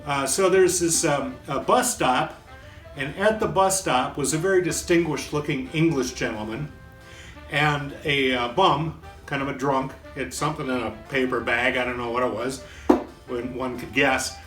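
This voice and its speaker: A man's voice: medium pitch, moderate pace, fairly bright tone. A man hosting a casual pub chat, telling jokes in a rambling, folksy, self-deprecating way. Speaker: host. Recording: echoey room with faint guitar.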